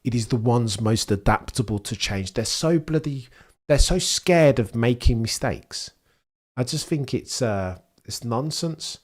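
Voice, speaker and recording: A man doing live race commentary for his chat, slangy and sarcastic, swinging between excitement and dejection. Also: medium pitch, unhurried. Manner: exasperated, swings from animated to deflated. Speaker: streamer commentating a race watchalong.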